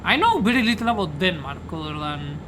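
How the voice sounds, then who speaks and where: A tipsy woman, buzzed on beer, livestreams a truck driving game whose engine noise hums loudly beneath her voice. She talks in a fairly low, very animated voice a little fast, rambling through casual chat and cursing constantly.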